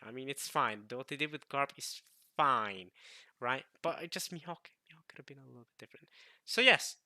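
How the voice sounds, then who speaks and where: A man's voice: medium pitch, sharp tone, no room sound. A man vlogging, giving an emphatic, rambling opinion rant in casual talk. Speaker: anime vlogger.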